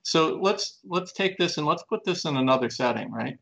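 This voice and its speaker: A man's voice: expressive, moderate pace, gravelly, fairly bright tone, low-quality recording. A man speaking earnestly and emphatically in a conversational interview, pressing his points with repeated questions. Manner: earnest, emphatic, building to raised pitch. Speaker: plaintiff in a lawsuit.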